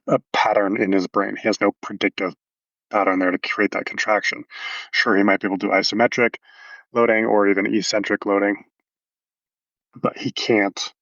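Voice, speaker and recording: A man's voice: on the low side, creaky, a bit bright, no echo, highs cut off. A man coaching athletes, explaining movement casually in a podcast interview with anatomical detail and frequent fillers.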